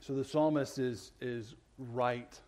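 A male pastor preaching a sermon, earnest, often checking in with the congregation and moving between loud emphatic lines and quiet low ones. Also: fairly even intonation, takes it slowly. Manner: earnest preaching, keeps asking the congregation "right?".

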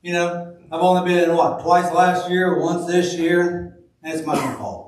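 Folksy preacher in an echoey church. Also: male voice, high-pitched, steady tone. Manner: folksy storytelling, slow deliberate reading of scripture. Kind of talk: sermon. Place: church sanctuary. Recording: very echoey room, from far off.

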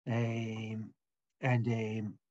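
A man narrating as game master of a tabletop game, halting, with many fillers and restarts. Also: fairly low pitch, monotone, darkish tone, lo-fi sound.

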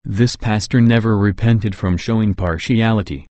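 A man voicing Jesus as a calm, fatherly guide, speaking gently and solemnly in a scripted reading. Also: fairly low pitch, moderate pace, dry recording, dull audio, close to an everyday voice.

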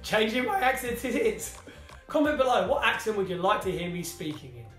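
A man's voice: high voice, big pitch swings, a little fast, a bit bright. A British man in a family vlog, casually reading comments aloud with dry, teasing humour. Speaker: family vlogger. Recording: echoey room, faint music.

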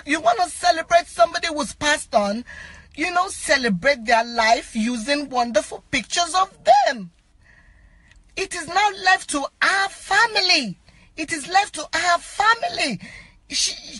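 A distraught woman, an actress, crying and pleading from inside a car, her voice breaking into shouts as she repeats herself. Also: very high voice, expressive, normal speed, poor audio. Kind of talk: emotional self-recorded appeal.

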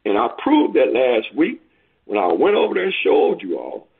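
A man's voice: mid-range voice, wildly swooping pitch, normal speed, creaky. A man preaching a sermon who repeats his phrases for emphasis. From United States. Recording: tinny phone-like audio.

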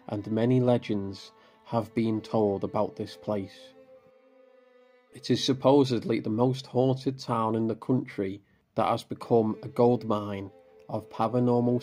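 A man tells a horror story in a grave, measured voice. His delivery is slow and deliberate, his pitch on the low side. Soft music plays faintly behind him. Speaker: narrator. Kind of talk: scripted horror narration. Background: faint background music.

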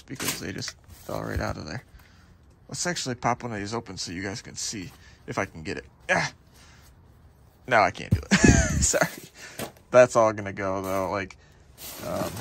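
A man vlogging as he sorts through a dumpster, talking casually to the camera in an excited voice that often drops to a half-whisper. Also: on the low side, creaky. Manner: animated, exclaiming often, breaks into laughs. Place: outdoors at a store dumpster. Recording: loud background noise and clattering.

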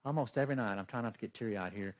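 A man's voice: on the low side, racing. A man preaching a sermon as pastor, emphatic and putting questions to the congregation.

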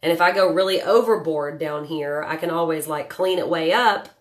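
A woman's voice: sits low, moderate pace. A woman vlogger talking casually to her viewers as she does her eye makeup. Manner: chatty, talks to viewers while working. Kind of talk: casual makeup tutorial chat.

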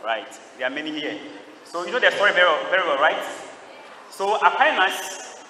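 A male priest preaches to a crowd of young people, throwing questions at them and waiting for their replies. His voice sits a little high and rings out bright and forceful. The sound comes from well back in a big, echoing church with a long reverb tail. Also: sing-song, moderate pace, a little hiss or hum. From Ghana. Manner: call-and-response preaching, quizzing the congregation. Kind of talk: homily at a youth Mass. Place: large church. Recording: echoey church heard from a distance.

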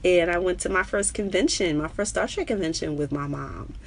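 Gravelly New York woman on a live stream. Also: brisk, slight background noise. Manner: animated, jumps to high squeals when excited, greets viewers by name. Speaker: stand-up comedian hosting a live stream. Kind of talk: casual live-stream chat with viewers. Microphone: webcam or phone on a live stream.

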